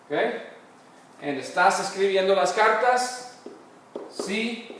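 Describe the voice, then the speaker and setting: A man teaching a recorded Spanish grammar lecture, patiently explaining step by step and slowly modelling phrases. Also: high-pitched, animated. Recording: very echoey room, mic far off, faint noise.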